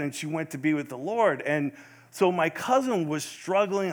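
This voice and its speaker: A man telling an earnest testimony story, repeating phrases and dropping soft for emphasis. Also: fairly high pitch, expressive, a little slow.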